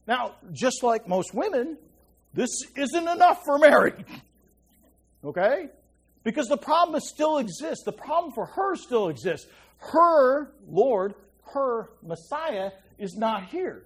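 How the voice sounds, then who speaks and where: Lively, chatty male preacher. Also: very high-pitched, slow, breathy edge. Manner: chatty, checks in with listeners often. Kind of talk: conversational Bible teaching.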